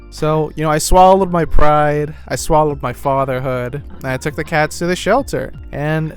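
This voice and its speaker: A man's voice: fairly high pitch, normal speed, few pauses, soft background music. Rambling young man telling a story. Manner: rambling, frequent "like" and "you know", swings between glum and excited. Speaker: vlogger. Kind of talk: casual storytelling.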